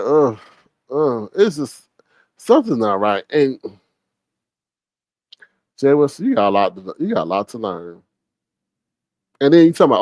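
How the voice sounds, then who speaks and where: Animated gossiping man, dry close mic. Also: a little slow, pauses often, no echo, highs cut off. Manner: animated, mocking mimicry of others, frequent pitch jumps. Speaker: commentary channel host. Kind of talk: casual gossip commentary.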